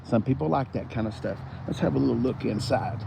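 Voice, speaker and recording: A man's voice: mid-range voice, a little fast, creaky, few pauses, background noise. A man, hosting a rambling live-streamed car walkaround, chatting with viewers as he goes. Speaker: car show host. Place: outdoors on a car lot. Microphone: phone front camera.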